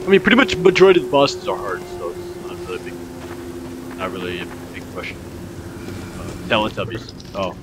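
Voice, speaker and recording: A man's voice: low voice, animated, normal speed, noisy background. A young man casually commenting on his game as he plays, rambling and repeating himself, with sudden startled outbursts. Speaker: gaming commentator.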